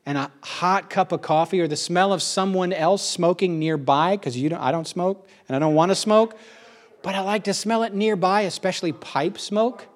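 A middle-aged man in a casual spoken monologue, rambling and emotional, with quick asides and a lot of repetition. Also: high voice.

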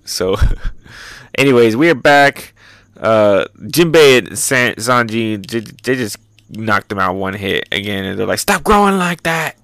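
A man chats through a manga recap, loose and profane, with frequent fillers and laughs. His voice is fairly low and smooth. The recording is dry and close. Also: measured pace, a bit bright, no echo. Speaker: manga reviewer, show host. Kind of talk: casual manga recap and commentary.

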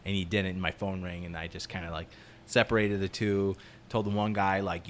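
A man's voice: deep voice, fairly quick, slight background noise. A man who works as a construction foreman, telling rambling, profane stories in casual chat. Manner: profane, rambling, animated storyteller.

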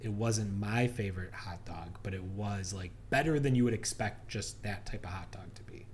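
A podcast co-host with a fairly low voice tells a story in lively, casual chat at a moderate pace. He's an animated storyteller who acts out the quotes, and there's slight background noise.

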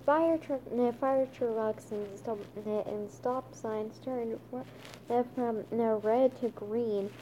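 Halting high-voiced female storybook reader. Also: mellow, dull audio, slight background noise. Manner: halting, stumbling reading with many restarts and fillers; lifts pitch slightly for characters' quoted lines. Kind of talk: reading a children's chapter book aloud.

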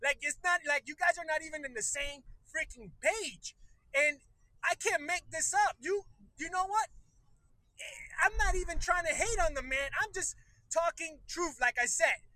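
A man's voice: extremely high pitch, moderate pace, sharp tone, no echo, poor audio. A man from the United States in his thirties, ranting in casual commentary, exasperated and profane, often breaking into laughter.

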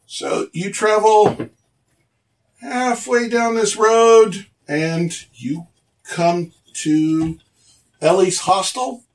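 A man narrating a tabletop game as game master, loose and relaxed, recorded on a distant mic. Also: a little high.

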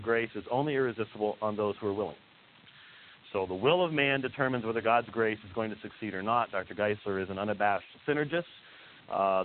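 A man giving a teaching lecture, emphatic and hesitant in turns, with frequent "uh" fillers and points repeated for weight. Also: fairly low pitch. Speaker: theology lecturer. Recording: tinny lo-fi recording with faint hiss.

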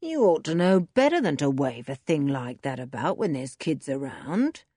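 Woman doing a slow-drawling young man. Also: deep voice, very animated, mellow, breathy edge, dry recording, studio quality, voice pushed down, heavily acted. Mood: cool.

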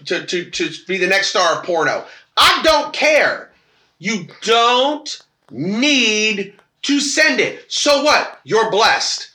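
A brash, animated man chatting on a podcast, his voice high for a man and very bright. He acts out what other people said as he tells his stories. The sound has a noticeable echoey room around it. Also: a little slow. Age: adult, once married. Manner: brash, animated storyteller who acts out quotes. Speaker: podcast co-host. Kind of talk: casual podcast chat.

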